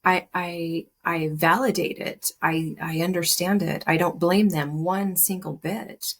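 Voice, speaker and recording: A woman speaking as a podcast guest, soft and reflective, often hesitating and restarting her sentences. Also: on the low side, fairly even intonation, unhurried, breathy edge. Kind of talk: personal conversation.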